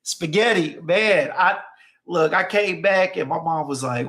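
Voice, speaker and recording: Reading chat on his stream, this host swaps casual stories with emphasis, repeating phrases again and again for effect. His fairly bright voice sits on the high side and moves a little slowly.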